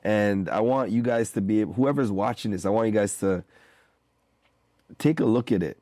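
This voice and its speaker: A man hosting a podcast interview, laid-back, backing the guest with steady "mm-hmm"s and calling him "bro". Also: fairly low pitch, normal speed, no room sound. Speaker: podcast host. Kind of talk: casual interview.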